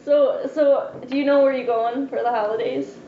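A woman's voice: sits high, fairly even intonation. Giggly German-born woman co-host. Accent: light Wisconsin. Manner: playful, giggly, quick quips. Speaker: podcast co-host. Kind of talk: casual podcast banter. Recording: echoey room, lo-fi, faint noise.

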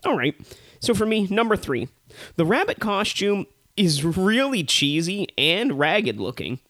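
Male co-host, slightly high voice, lively profane movie ranter. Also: a little slow. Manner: animated, profane ranting. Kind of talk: casual chat.

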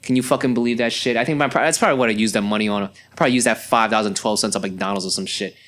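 A young man hosting a podcast, telling a story in an angry, profane rant full of cursing. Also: very fast. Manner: animated, swings into loud high outbursts. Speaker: podcast host. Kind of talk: ranting monologue.

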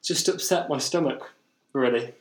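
A man's voice: medium pitch, normal speed. Rambling man in an echoey room. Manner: rambling, self-correcting, repeats phrases. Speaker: podcast co-host. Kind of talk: casual chat.

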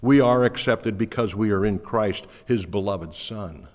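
A man's voice: fairly low pitch, unhurried, darkish tone, in a large hall. A man preaching a sermon as pastor, emphatic and earnest, repeating words as he drives home each point.

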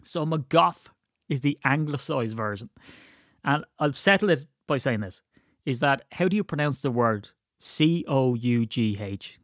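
A man hosts a casual solo podcast, rambling playfully and occasionally slipping into put-on voices as he tells stories. His mid-range voice is a bit bright, with lively intonation and a measured pace, in clean studio sound with no echo.

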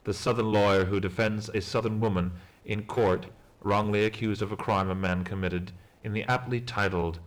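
A man interviewing an actor in a mock interview, asking questions in a measured, formal way. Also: on the low side, fairly even intonation.

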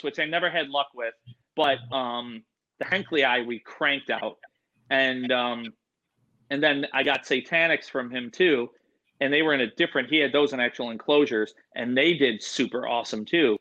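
A man who breeds reptiles, telling stories in casual chat with lots of fillers and swearing, getting animated. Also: mid-range voice, normal speed, lo-fi sound.

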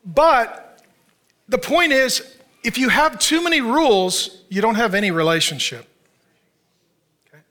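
Bright high-voiced pastor preaching casually. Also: male voice, lively intonation, a little slow, pauses often. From Arizona, United States. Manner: conversational preaching with rhetorical questions and humor. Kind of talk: sermon.

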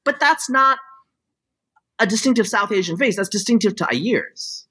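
A high-sitting, animated male voice at normal speed comes through pushed, bright and slightly rough on a low-quality recording. The middle-aged man chats casually, explaining his views at length in looping, restarting sentences full of "like" and "you know."

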